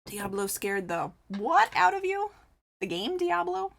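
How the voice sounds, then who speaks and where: Her voice is high and very animated, with vocal fry and an unhurried pace. She's a chatty crochet livestreamer who reads the chat aloud, replies to viewers, and laughs a lot.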